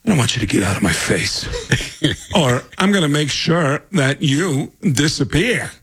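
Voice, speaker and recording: Man impersonating an older male actor, menacing, stop-start phrasing, long odd pauses, husky edge, a bit far from the mic. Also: a little high, lively intonation, a bit bright, heavily acted. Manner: halting pauses mid-sentence.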